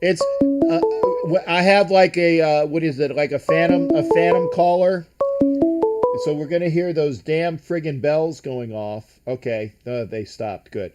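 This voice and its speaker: A man's voice: fairly high pitch, measured pace, darkish tone, faint music behind. Rambling older man hosting a sports show. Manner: rambling, profane, many restarts. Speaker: host of a sports talk show. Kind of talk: casual live-stream sports chat.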